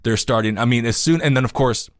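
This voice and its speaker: A man's voice: medium pitch, quick pace, no echo. Joking man co-hosting a podcast, dry sound. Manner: jokey, rambling asides, gets worked up and emphatic. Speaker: podcast co-host. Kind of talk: casual political talk, reading news aloud. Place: home studio in New York City.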